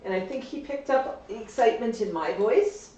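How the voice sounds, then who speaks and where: A woman's voice: fairly high pitch, animated, normal speed, warm tone. A woman talking casually and coaxingly to her pet parrots during a live stream. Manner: coaxing, sing-song talk to birds. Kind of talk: casual talk to pet birds. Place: indoor room with pet birds. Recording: echoey room, voice from far off mic, faint hiss.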